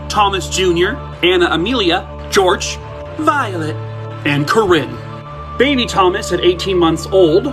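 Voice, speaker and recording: A man with a high-pitched voice tells haunted house stories in a loose, chatty way, turning to his viewers with questions. He keeps tossing in irreverent, swearing jokes as he goes. Soft music plays faintly underneath. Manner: jokey, irreverent asides with swearing; asks the audience questions. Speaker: haunted-place storyteller. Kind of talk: casual storytelling to viewers.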